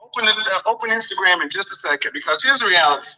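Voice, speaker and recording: A man's voice: high voice, expressive, fast talker, bright, forceful tone, recorded from a distance, poor audio. A man lecturing viewers on dating in emphatic commentary, often repeating his phrases for effect.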